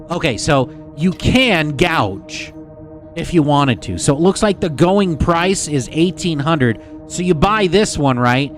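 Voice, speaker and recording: A man streaming live gameplay, chatting excitedly and casually swearing as he talks to his viewers. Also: medium pitch. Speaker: game streamer. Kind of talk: live gameplay commentary to chat.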